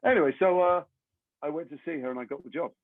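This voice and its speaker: An English actor being interviewed, telling long rambling anecdotes with self-deprecating humor. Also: male voice, on the high side, quick pace, no room sound. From England. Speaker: actor guest. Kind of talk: interview storytelling. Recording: tinny phone-like line, dry.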